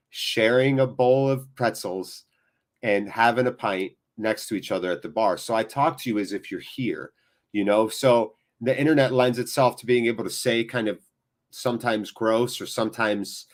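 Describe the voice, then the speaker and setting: A man from the United States hosts a live football watchalong, addressing his viewers directly in a loose, rambling, casual chat. He sounds emotionally drained, speaking at a normal speed with a mid-range voice.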